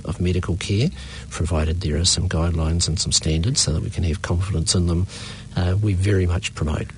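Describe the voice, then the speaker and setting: Deep-voiced New man, halting. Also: a little hiss or hum. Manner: measured, halting, many ums and uhs. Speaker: political party leader, guest. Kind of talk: radio interview answers.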